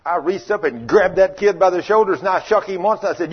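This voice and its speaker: A man preaching a sermon, telling folksy stories and acting out the people in them, swinging from loud rebukes to quiet asides. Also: sits high, brisk, husky. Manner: folksy, acts out quoted voices, shifts between loud rebukes and quiet asides. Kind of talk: sermon with storytelling. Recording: muffled lo-fi sermon recording.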